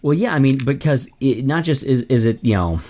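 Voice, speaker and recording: A man's voice: mid-range voice, animated, fairly quick, warm tone. A man co-hosting a podcast, talking in an easygoing, agreeable, casual way. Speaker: podcast co-host. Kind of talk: casual chat.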